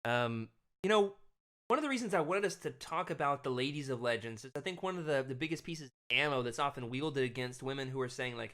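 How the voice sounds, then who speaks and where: A man's voice: mid-range voice, lively intonation, fast talker. A man hosting a casual livestreamed podcast, talking animatedly and reading out chat comments. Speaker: podcast host.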